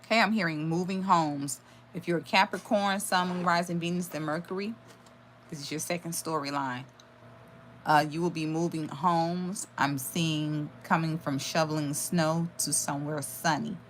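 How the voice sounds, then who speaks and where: A woman's voice: low-pitched, steady tone, normal speed, slight background noise. A woman giving a live tarot reading, channeling messages aloud with sudden exclamations and blunt swearing. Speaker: tarot reader.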